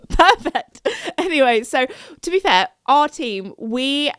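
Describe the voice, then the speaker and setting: A young woman tells a story on her podcast in a loose, chatty way. She giggles often and leaps into high, bright voices when she quotes people. Her voice sits somewhat high, and the recording is close and dry with no room sound. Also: sing-song, takes it slowly, no room sound. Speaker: podcast host. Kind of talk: casual storytelling chat.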